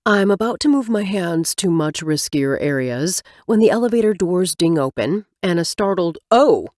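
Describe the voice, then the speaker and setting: Expressive woman audiobook narrator, dry sound. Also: on the low side, normal speed, no room sound. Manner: expressive storytelling with wry asides. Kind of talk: scripted first-person narration.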